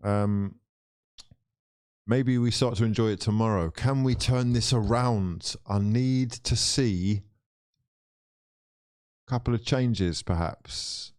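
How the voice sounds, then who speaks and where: Hosting a live football watchalong, a man with a lowish voice takes his time, pausing often. He curses freely, addresses viewers directly and veers from frustration to excitement.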